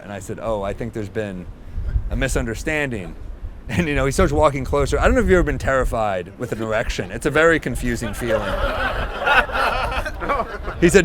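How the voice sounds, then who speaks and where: A man, a stand-up comedian telling a long, self-deprecating story in an animated way. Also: mid-range voice, brisk, slight background noise.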